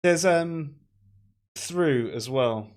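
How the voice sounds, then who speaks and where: Male host, unhurried, loose rambling chat with swearing. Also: a little high, animated. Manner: rambling, swears, laughs often. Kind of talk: casual chat.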